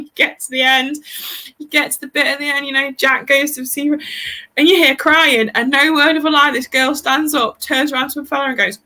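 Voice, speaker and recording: Chatty woman with a bright voice. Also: high voice, steady tone, fairly quick, low-quality recording. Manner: chatty rambling storyteller, laughs often. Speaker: podcast host. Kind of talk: casual chat.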